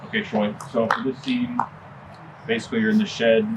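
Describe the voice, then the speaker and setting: A man's voice: medium pitch, sing-song, a little fast, creaky, slight background noise, rough recording. A young man casually directing an actor, explaining the scene and encouraging him. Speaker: film director.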